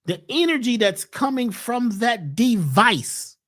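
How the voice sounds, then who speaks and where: A man giving a webcast talk on health in a preacherly way, swinging between loud lines and hushed ones. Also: very high-pitched, big pitch swings, slow pace. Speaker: holistic health speaker.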